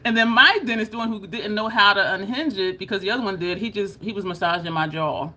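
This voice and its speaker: A woman's voice: mid-range voice, quick pace, sharp tone. A woman vlogging to camera in a casual, chatty way, laughing often and showing her jaw as she talks. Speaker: beauty vlogger.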